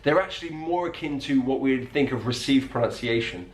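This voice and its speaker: A man's voice: medium pitch, a little hiss or hum. Patient male accent teacher, echoey room. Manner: clear, patient, demonstrates sounds slowly. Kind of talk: explanatory video lesson.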